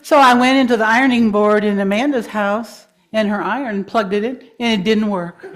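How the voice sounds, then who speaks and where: Gentle woman guiding a breathing exercise. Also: mid-range voice. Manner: gentle, encouraging, laughs easily. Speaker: guest speaker. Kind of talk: guided breathing exercise in a talk. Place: congregation hall.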